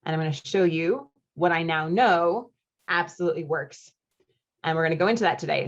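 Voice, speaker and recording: A chatty, upbeat American woman in her thirties hosts a live online coaching class over a computer mic, greeting viewers from the chat. Her voice sits a little low, and the webinar audio is dull and lo-fi. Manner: chatty and upbeat, with quick laughs and friendly asides. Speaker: marriage coach hosting a live online masterclass. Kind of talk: live webinar, reading chat comments aloud.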